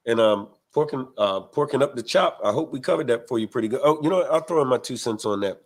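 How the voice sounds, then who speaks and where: A man's voice: mid-range voice, animated, fast. A man from the United States hosting a biker livestream, chatting casually and reading viewer comments in a laid-back, slang-heavy way.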